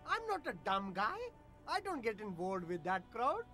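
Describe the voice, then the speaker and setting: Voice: medium pitch, very animated, moderate pace, bright, forceful tone, soft background music. A voice actor playing a defensive, boastful street vendor in a video game who keeps dodging questions with rambling denials. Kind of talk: game voice acting.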